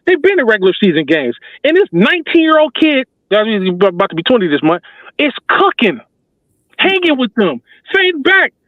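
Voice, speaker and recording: A man's voice: very high voice, dry recording. Fired-up man with a tinny, phone-line sound. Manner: emphatic, preacher-like, slangy and repetitive. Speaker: basketball talk show host. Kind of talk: passionate fan commentary.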